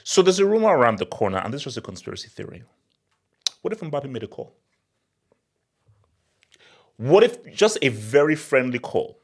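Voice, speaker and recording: A young man hosting a football channel, talking in an excitable, laughing rant. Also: medium pitch, moderate pace, pauses often, husky. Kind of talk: animated football commentary vlog.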